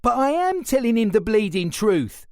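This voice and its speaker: A man's voice: fairly high pitch, very animated, a little slow, no echo, studio quality, voice pushed up. A man voicing an anxious, indignant young man under police questioning, in a whiny, protesting voice. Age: young adult.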